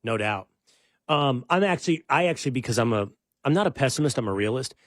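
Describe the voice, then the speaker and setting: Male host, lively and emphatic, fairly high voice, dry studio sound. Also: quick pace, dry recording. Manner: conversational, emphatic, argues with rhetorical questions. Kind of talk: political talk show conversation.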